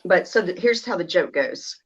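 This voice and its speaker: A woman with a Southern US accent telling a joke on a livestream, deliberate and storytelling. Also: fairly low pitch, animated, slightly rough. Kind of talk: casual livestream chat. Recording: dull lo-fi stream audio.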